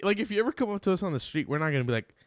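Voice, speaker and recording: Lively twenties man, dry close sound. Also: high voice, very fast, dry recording. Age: 20s. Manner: laughs often, lively retelling. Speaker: podcast guest. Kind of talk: casual chat.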